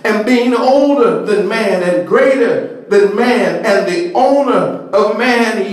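A man preaching a sermon in a slow, rhythmic cadence, stretching words and rising to shouts. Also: high voice. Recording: echoey hall, mic at a distance.

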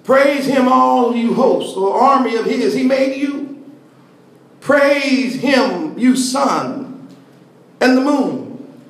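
High-voiced preacher in a booming hall. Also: male voice, animated. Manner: slow, rhythmic preaching cadence with drawn-out words and shouts. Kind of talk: sermon. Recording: echoey hall, mic at a distance.

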